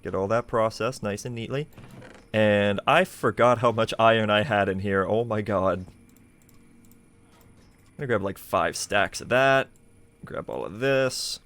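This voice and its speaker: A man's voice: fairly low pitch, measured pace, a bit bright. A man streaming a game live, thinking aloud in a chatty way with plenty of fillers. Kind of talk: casual live gameplay commentary.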